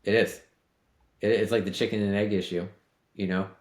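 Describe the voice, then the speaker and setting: A man co-hosting a podcast over a video call, talking deals through in a steady way with many restarts. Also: on the low side, moderate pace. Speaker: podcast co-host. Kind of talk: casual business chat. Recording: roomy echo.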